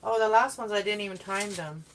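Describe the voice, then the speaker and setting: A chatty woman rambling through a casual baking livestream in her home kitchen, her voice gravelly with vocal fry. Clear background noise runs under her talk. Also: mid-range voice, a little fast. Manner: chatty and rambling, talking to viewers and her kitten. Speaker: livestream host. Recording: noisy background.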